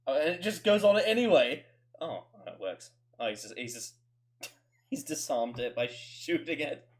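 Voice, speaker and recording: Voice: mid-range voice, lively intonation, moderate pace. A host giving casual, rambling reaction commentary, stammering and laughing often between thoughts. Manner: swears casually.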